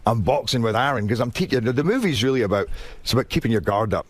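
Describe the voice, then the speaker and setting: A Scottish man, an actor guest in a radio interview, telling stories in rapid bursts with frequent restarts. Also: mid-range voice, no room sound. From Scotland. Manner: rapid, animated storytelling with many restarts.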